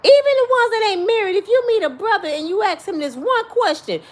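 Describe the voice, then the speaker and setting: A woman's voice: extremely high pitch, animated, fairly quick, few pauses. A middle-aged woman talking bluntly and profanely, giving life advice in casual, preachy storytelling.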